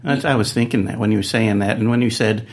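A man's voice: on the low side, fast. A man hosting an interview, asking short questions and adding brief remarks. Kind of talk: casual interview chat.

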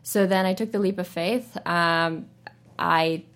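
A woman in her thirties, a guest telling her story in a lively, animated way during a radio interview. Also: on the low side, slow pace. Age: 30s.

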